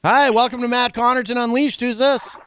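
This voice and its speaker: A man hosting a radio talk show in a studio, speaking haltingly with many fillers. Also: extremely high pitch, steady tone, fairly bright tone, clean tone, no room sound. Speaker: radio host. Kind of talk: casual radio chat. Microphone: studio microphone.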